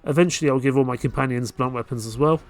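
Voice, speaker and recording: A man's voice: medium pitch, quick pace. A man hosting a let's play, giving casual commentary as he plays and thinking aloud about his next moves. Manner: relaxed, thinking aloud while playing. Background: faint game music.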